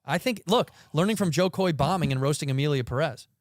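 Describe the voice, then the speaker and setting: A man co-hosting a podcast in casual chat, animated and quick to cut in mid-sentence. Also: fairly high pitch, no room sound, studio quality. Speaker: podcast co-host.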